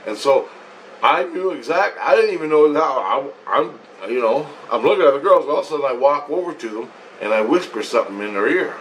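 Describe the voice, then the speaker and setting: A man recounts a strange dream in a loose, wandering way, full of casual swearing and repeated phrases. His voice sits at an ordinary middle pitch. He is set back from the microphone, with faint ambient noise underneath. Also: animated, fairly quick, a bit bright, distant mic, rough recording. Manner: meandering, profane, repeats himself. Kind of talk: rambling first-person dream account.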